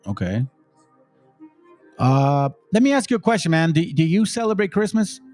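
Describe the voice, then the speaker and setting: A man's voice: fairly high pitch, sing-song, normal speed, darkish tone. Blunt, preachy man over faint music. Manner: blunt, emphatic, swears, reads scripture aloud in a stately cadence. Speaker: channel host, commentator. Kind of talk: preachy commentary on video clips.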